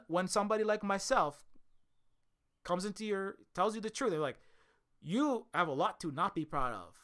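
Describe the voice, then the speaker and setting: A man's voice: high-pitched, fairly bright tone, clean tone. A young man from Hawaii talking in a rambling, emphatic monologue, swearing often and restarting his sentences. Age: young adult. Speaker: video creator. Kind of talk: casual monologue.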